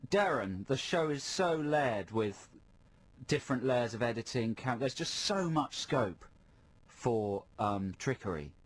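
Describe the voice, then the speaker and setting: A man co-hosting a radio show, speaking into a studio microphone in relaxed banter. He explains things patiently and slips in dry quips. His intonation moves around a lot. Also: mid-range voice, a little slow. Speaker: radio co-host.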